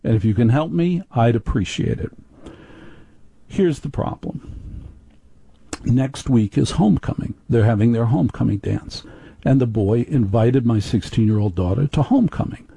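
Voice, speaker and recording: A man's voice: mid-range voice, expressive, normal speed, vocal fry, dark tone, slightly rough, dry recording. A middle-aged man hosting a live radio talk show, chatty and confiding, rambling on with listeners.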